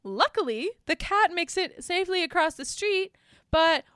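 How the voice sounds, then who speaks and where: A young woman casually recapping a film's plot, animated and profane, with lots of filler words. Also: very high-pitched, no echo, studio quality. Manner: animated, swearing, many "like"s and "um"s; acts out characters' lines in quick voices. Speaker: podcast host.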